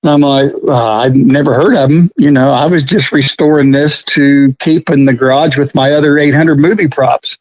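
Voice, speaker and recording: A middle-aged man telling stories about restoring a prop in a casual interview, folksy and quick to laugh. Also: a little high, steady tone, dry recording, muffled recording. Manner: chatty, folksy, laughs often.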